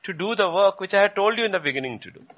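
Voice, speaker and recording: A man's voice: sits high, lively intonation, rapid-fire, fairly bright tone, lo-fi sound. A male preacher giving a sermon, emphatic, repeating phrases and rising sharply whenever he quotes questions from scripture.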